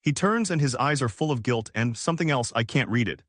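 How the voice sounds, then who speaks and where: A man's voice: medium pitch, lively intonation, fairly quick, no room sound, clean studio sound. A man reading a scripted first-person story with a dramatic storytelling delivery. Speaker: story narrator.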